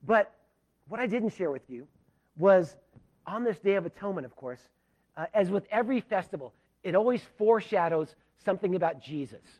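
A male pastor from Southern California tells a self-deprecating story during a sermon, animated and full of restarts. His voice is high-pitched and fairly quick.

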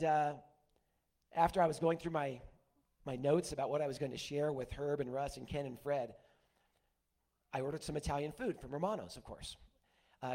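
A man's voice: on the high side, darkish tone. An older man preaching a conversational sermon, mixing scripture with folksy stories from his week. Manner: folksy storytelling with asides. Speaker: pastor.

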